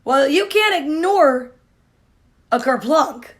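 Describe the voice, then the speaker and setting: A woman's voice: sits high, animated, takes it slowly. Woman doing a doubtful fussy turkey. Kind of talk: storybook reading.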